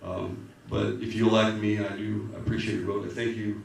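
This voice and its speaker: A man's voice: on the low side, flat delivery, normal speed, gravelly. A man giving an earnest, emotional candidate's speech at a public forum, often restarting his sentences. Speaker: political candidate. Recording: echoey hall from far off, faint noise.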